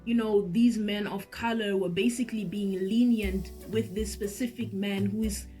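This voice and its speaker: A woman telling a story to her viewers in a lively, animated vlog, speaking straight to the audience. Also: medium pitch, normal speed, soft background music. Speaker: vlogger and singer.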